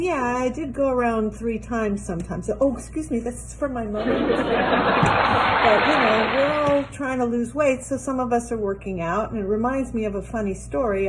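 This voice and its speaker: A woman's voice: a little hiss or hum, poor audio. A middle-aged woman doing a stand-up comedy routine from her home kitchen, with punchy joke delivery. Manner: punchy joke delivery with bouncy, animated pitch.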